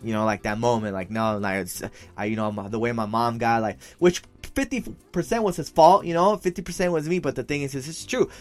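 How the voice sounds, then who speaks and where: A man's voice: mid-range voice, brisk, few pauses, soft background music. A young man telling a story in casual talk, slangy and profane, mixing in Spanish phrases and calling his friend "fool". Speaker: podcast co-host telling a story.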